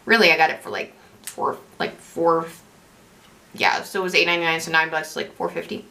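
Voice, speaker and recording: A young beauty vlogger chats casually through a makeup tutorial, rambling and correcting herself along the way. Her voice is a little high, steady in tone, fast and sharp.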